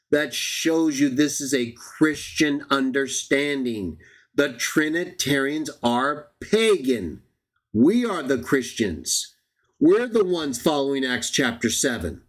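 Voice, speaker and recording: A man hosting a live-streamed Bible study, reading verses aloud and arguing his point with rhetorical questions to the viewers. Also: mid-range voice. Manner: argumentative, addresses viewers as everybody, rhetorical questions.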